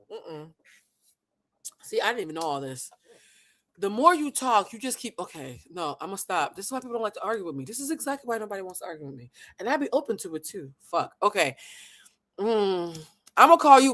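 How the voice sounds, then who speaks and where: A woman's voice: fairly high pitch, a bit bright. Sassy woman doing a live reaction, laughs a ton, voice jumps all over. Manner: sassy, laughs often, mocking. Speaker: host.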